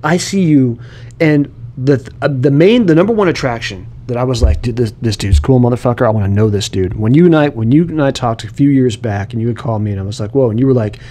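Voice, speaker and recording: A man's voice: medium pitch, fast, mellow. A man talking as a podcast guest in casual chat, emphatic and swearing freely. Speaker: guest, paint flake business owner.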